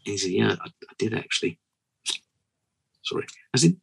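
A man co-hosting a casual podcast with a low, rough, slightly husky voice. He tells stories in a lively, rambling way and restarts his sentences often. His pitch rises and falls widely. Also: moderate pace, long pauses, rough recording. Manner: lively storytelling with many restarts. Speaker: podcast co-host. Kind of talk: casual chat, telling a joke.

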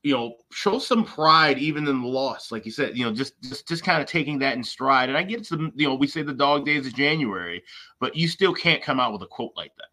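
Man, podcast co-host, casual rambling talk, lots of fillers, bright tense voice. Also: mid-range voice, animated, fairly quick. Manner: rambling, many fillers and restarts. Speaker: co-host of a hockey betting show.

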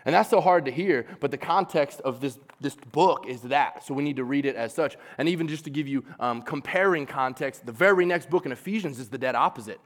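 A man preaching a sermon in a casual, animated way, acting out quoted voices. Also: medium pitch, fairly quick, hardly any pauses.

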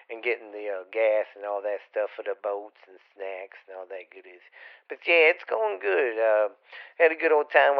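Rambling man on lo-fi audio. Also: lowish voice. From Louisiana, US. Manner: rambling, profane, folksy, calls listeners babies. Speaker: regular podcast guest. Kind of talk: rambling casual chat. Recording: dull lo-fi recording.

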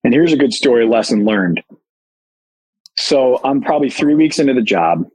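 Husky-voiced man. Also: mid-range voice, moderate pace, poor audio. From Chicago. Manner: animated, candid, self-deprecating. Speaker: guest, company founder. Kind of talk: casual storytelling.

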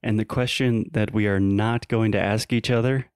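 A man's voice: on the low side, fairly even intonation, normal speed, a little mellow, smooth, dry recording, clean studio sound. Playful man co-hosting an English podcast. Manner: playful, teasing, explains pronunciation. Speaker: podcast co-host and English teacher. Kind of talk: casual teaching chat.

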